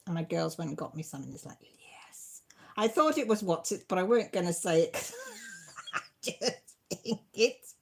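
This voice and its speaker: A woman's voice: on the low side, lively intonation, normal speed, gravelly, slightly rough. A middle-aged woman, hosting a casual live stream, reading comments and often breaking into giggles. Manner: giggly, self-deprecating, chatty.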